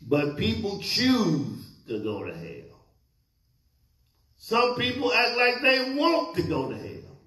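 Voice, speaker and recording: A man's voice: sits high, wildly swooping pitch, slow pace, pushed and bright. A male pastor preaching a sermon, questioning his congregation and waiting for answers. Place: church sanctuary. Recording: echoey church hall.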